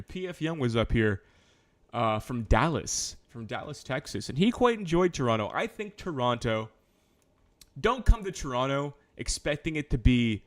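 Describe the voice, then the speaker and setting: A man chatting casually on a live stream, rambling, swearing and correcting himself as he goes. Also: a little high. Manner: loose rambling talk with profanity and self-corrections.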